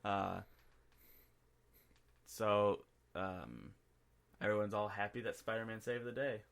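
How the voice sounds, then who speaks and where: Low-voiced man rambling about a movie. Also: slow, creaky, a bit bright. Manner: rambling, acts out scenes in quoted voices. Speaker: podcast co-host. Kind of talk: casual movie review chat.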